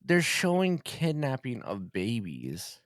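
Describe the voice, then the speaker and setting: A man's voice: medium pitch, wildly swooping pitch, slow pace, no echo, clean studio sound. A man co-hosting a podcast in casual chat, giving laid-back, wry reactions. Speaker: podcast co-host.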